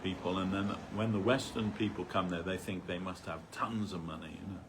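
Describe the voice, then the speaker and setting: Low-voiced man telling anecdotes. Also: steady tone, brisk, noisy background. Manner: conversational, rambling, frequent "you know". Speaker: speaker at a temple gathering. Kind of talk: informal spiritual talk, anecdote.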